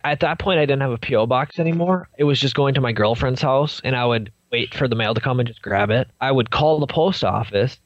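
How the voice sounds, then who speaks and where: A young man, appearing as a podcast guest, recounts a personal story in a medium-pitched voice, acting out what people said like an animated storyteller. He talks fairly quickly with few pauses, and the lo-fi recording has no echo.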